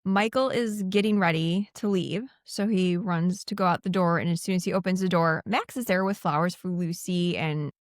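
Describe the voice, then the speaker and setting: Relaxed woman retelling movie scenes. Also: lowish voice, moderate pace, few pauses, no room sound, studio quality. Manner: relaxed storytelling with frequent "like" and "you know", quoting characters. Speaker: podcast co-host. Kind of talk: casual movie recap chat.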